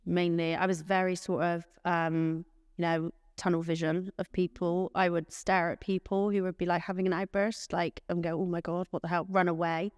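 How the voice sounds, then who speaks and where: Woman late 20s, care manager, chatty, low-ish voice, bit of long reverb. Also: little pitch movement, normal speed, clean tone, studio quality. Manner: chatty, acts out little quoted exchanges. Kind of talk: casual interview answers.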